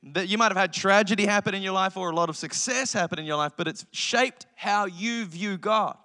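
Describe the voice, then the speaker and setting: Energetic pastor preaching in a reverberant hall. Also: male voice, high voice, brisk. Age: 30s. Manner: energetic, joking storytelling with animated impressions. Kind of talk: sermon.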